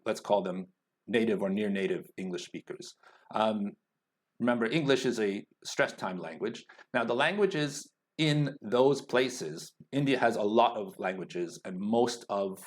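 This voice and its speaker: A man teaching an exam-prep lesson, speaking slowly and deliberately, thinking aloud with frequent fillers and restarts. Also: on the low side. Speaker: IELTS teacher. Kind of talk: explanatory lesson talk.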